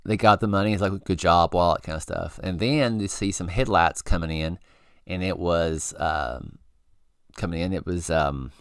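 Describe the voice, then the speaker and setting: A man's voice: low-pitched, moderate pace, clean tone, no echo, clean studio sound. A man hosting a review channel, recapping a TV episode in a rambling, friendly way with lots of fillers. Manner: rambling, many fillers and restarts; relaxed and friendly. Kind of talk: casual spoken episode recap.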